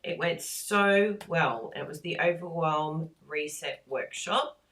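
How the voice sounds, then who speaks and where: Woman, craft live-stream host, gushing and chatty, deep-ish voice. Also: slow pace. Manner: chatty, easily excited, gushing. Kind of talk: casual live-stream chat.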